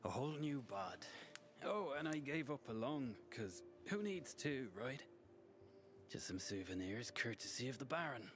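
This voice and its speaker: A sick, wry lad. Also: male voice, medium pitch, sing-song, unhurried. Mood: wry resigned. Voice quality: wry, fatalistic, brushes off help. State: coughing, unwell. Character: sickly weary young man, coughing, fatalistic. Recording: game audio with clear background noise.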